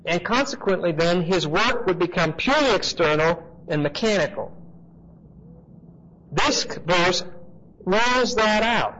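A man with a fairly high voice teaches scripture to a class. He talks conversationally and stresses key points with emphasis. The recording is dull and lo-fi, with a faint hiss underneath. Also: fairly bright tone. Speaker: Bible teacher. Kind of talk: expository Bible teaching to a class.

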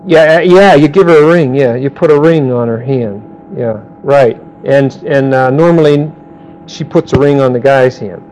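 A man teaching a Bible class, questioning his students and calling on them by name, slowing down to quote verses. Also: mid-range voice, darkish tone, slight background noise, rough recording. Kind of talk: interactive Bible class lecture.

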